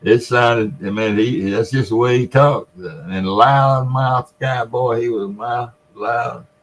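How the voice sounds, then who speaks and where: In this clip, a man in his seventies from the Mississippi Delta, USA, tells a long story in a folksy Southern accent, laughing between lines. He's a vlogger in a casual storytelling mood, and his mid-range voice moves at a slow pace.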